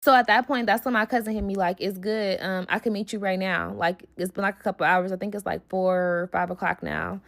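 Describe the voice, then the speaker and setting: Young woman for a casual storytime: blunt, heated delivery, lots of swearing, medium pitch. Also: fairly even intonation, a little fast, vocal fry, few pauses, slight background noise.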